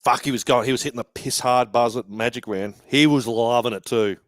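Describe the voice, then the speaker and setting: A man's voice: mid-range voice, a little fast, dry recording, studio quality. A man hosting a fan live stream from a bar, giving casual, sweary match commentary and banter.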